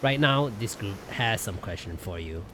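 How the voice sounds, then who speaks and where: A man's voice: fairly low pitch, lively intonation, normal speed, noisy background. A man streaming a game live, reading its text aloud and joking between lines. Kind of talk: live gameplay commentary and reading.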